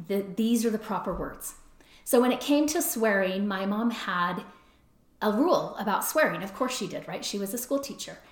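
A middle-aged woman hosting an advice podcast, talking in a relaxed conversational way and often tagging her points with "right?". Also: mid-range voice. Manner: conversational, frequent "right?" tag questions. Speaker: podcast host and counselor. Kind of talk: advice talk. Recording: roomy echo.

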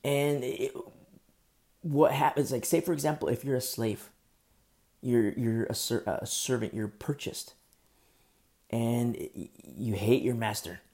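A man preaching an earnest, animated sermon, speaking through a sore throat. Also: mid-range voice, unhurried, long pauses. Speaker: pastor.

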